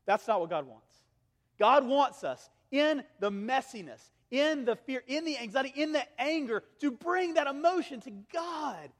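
A strikingly high-pitched male pastor in his thirties delivers a sermon, rising to urgent emphasis and then dropping to soft, tender hushes. His voice rings out with a long reverb, as if filling a large hall. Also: expressive, unhurried. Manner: swings from raised, urgent preaching to hushed, gentle tones.

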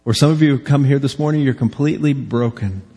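Male pastor, sermon, husky voice, earnest conversational preaching, long hall reverb. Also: mid-range voice, brisk, dark tone. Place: church sanctuary.

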